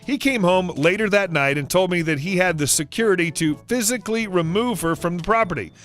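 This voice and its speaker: Male narrator, online story reading, somewhat high voice, soft music underneath. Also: a little fast.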